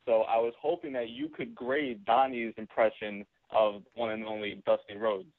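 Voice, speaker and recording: A man's voice: on the low side, fairly even intonation, normal speed, no room sound. A man co-hosting a radio show who teasingly sets up a joke for the guest. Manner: teasing, setting up a bit. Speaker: podcast co-host. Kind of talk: casual radio banter. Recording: tinny phone line.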